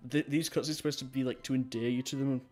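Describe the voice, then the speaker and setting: A streamer giving casual, rambling commentary on a game, chatty and quick to laugh. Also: medium pitch, fairly even intonation, darkish tone, faint music behind. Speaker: let's play streamer.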